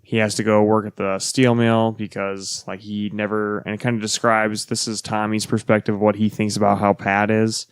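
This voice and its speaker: A man co-hosting a casual podcast, recapping a story in a relaxed way with many fillers. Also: on the low side, moderate pace, hardly any pauses, smooth, dry recording, studio quality. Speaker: podcast co-host. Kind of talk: casual comic book chat.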